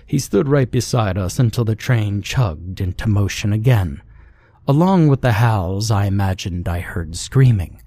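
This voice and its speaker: A man narrating a scripted horror story in a calm, measured storytelling manner, close to the mic. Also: lowish voice, breathy edge.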